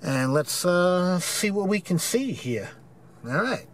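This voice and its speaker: A man's voice: high voice, big pitch swings, slow, slight background noise. An older man filming himself on a forest trail, rambling and chuckling at himself in a casual hiking vlog. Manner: rambling, self-mocking, chuckling. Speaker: hiker filming his hike. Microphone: handheld camera mic.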